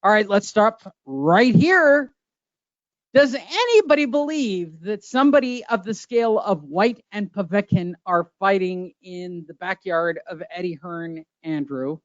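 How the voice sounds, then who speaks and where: Brash high-voiced male podcast host. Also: expressive, measured pace, dry recording, muffled recording. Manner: brash and profane, laughing, ribbing co-hosts. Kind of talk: casual boxing chat.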